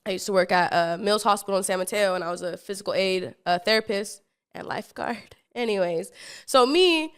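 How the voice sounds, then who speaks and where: A young woman hosts a podcast and tells a story in a loose, breathless way. She leans on "like" and repeated words and curses freely in a relaxed, conversational delivery. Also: mid-range voice, brisk, clear, resonant tone. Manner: animated, swears freely. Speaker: podcast host. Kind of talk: casual storytime monologue.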